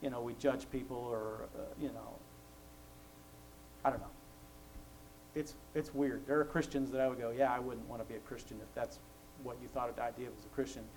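A man talks through his faith in an easygoing, conversational way. He tells his stories with frequent laughs and keeps his pitch in a middle range. A faint hum sits underneath the recording. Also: steady tone, a little fast, a little mellow, poor audio. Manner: chatty storytelling, laughs often, acts out quoted voices. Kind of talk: casual faith talk.

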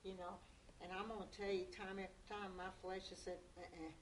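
A woman's voice: medium pitch, level tone, brisk, far from the mic. A woman in a church group sharing an earnest story about hearing God. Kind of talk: casual faith testimony. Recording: roomy room, faint noise.

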